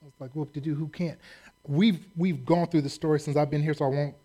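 Folksy, animated male preacher. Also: on the high side, brisk. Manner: folksy, animated storytelling with humor. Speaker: pastor. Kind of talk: sermon.

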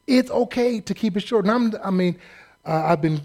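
A man preaching a sermon in a lively, animated way, acting out quotes as he goes. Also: sits high, normal speed.

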